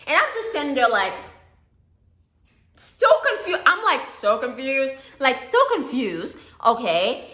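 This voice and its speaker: Animated young woman telling a story. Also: high-pitched, roomy sound. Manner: animated, repeats "okay?", swears casually. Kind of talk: casual storytime monologue.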